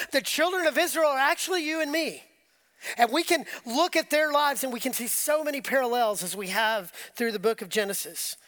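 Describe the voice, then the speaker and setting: A middle-aged man preaching a sermon, telling stories in a relaxed, conversational way with frequent laughs. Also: very high-pitched. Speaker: pastor.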